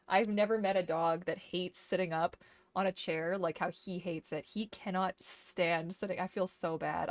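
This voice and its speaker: A woman's voice: fairly low pitch, steady tone, unhurried, no echo. A woman chatting casually while streaming a game, slipping into doting baby talk to her dog. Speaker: gaming streamer. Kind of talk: casual gameplay chat.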